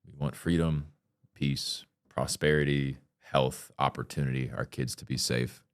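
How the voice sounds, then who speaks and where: A man's voice: extremely low pitch, fairly even intonation, measured pace, no echo, clean studio sound. A man speaking as a podcast guest in a casual interview, blunt and candid, swearing freely and talking with earnest emphasis.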